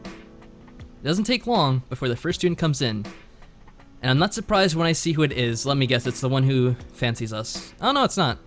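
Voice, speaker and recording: Laid-back male streamer reading game narration with an animated lilt; soft music underneath. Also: mid-range voice, moderate pace. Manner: laid-back, reads narration aloud with lively inflection. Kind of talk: casual game chat and reading aloud.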